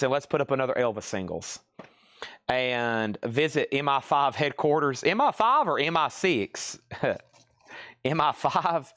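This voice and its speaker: A man's voice: mid-range voice, a bit bright. Chatty Southern-accented man. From American South. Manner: rambling, chatty, laughs often. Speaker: live sale host. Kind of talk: casual live-stream selling chat.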